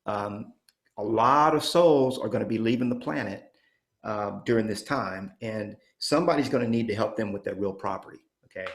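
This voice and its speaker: Energetic man in his fifties coaching. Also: on the low side, normal speed. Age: 50s. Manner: energetic, punchy, keeps asking "okay?". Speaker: real estate coach. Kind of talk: motivational training talk.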